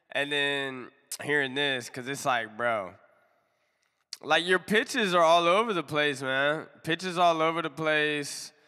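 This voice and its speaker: A man's voice: fairly high pitch, bright, forceful tone, clear, resonant tone, big-room sound. A young American man hosting a live music review stream, giving blunt, slangy, laid-back feedback. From United States. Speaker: music review show host. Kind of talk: casual live-stream commentary.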